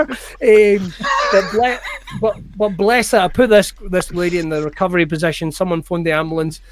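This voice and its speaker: A man's voice: high-pitched, darkish tone. A Scottish man, a comedian guest on a podcast, telling a story in casual chat, acting out quotes in raised voices, swearing and laughing. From Scotland.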